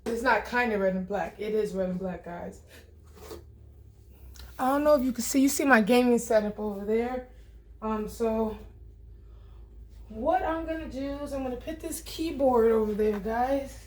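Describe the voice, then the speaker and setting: A woman's voice: on the high side, measured pace, long pauses, a little hiss or hum. A woman talking casually to viewers while unboxing, chatty and informal, calling them guys and y'all. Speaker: vlogger.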